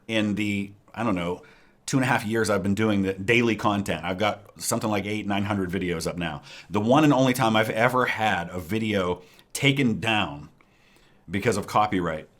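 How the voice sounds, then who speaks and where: The host of a history reaction channel explains, in a measured way with filler words, how his videos work. His voice is on the low side and a bit bright.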